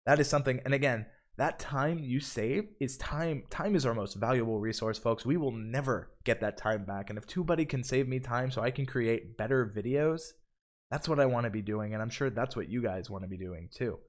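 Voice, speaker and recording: This man hosts a live stream tutorial, his mid-range voice brisk and upbeat as he alternates explanations with reading chat comments aloud and giving shout-outs.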